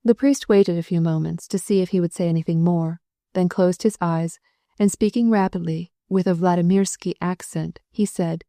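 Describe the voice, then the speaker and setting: A woman reading a classic novel aloud as audiobook narrator, in a measured, even way. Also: lowish voice, no echo, clean studio sound.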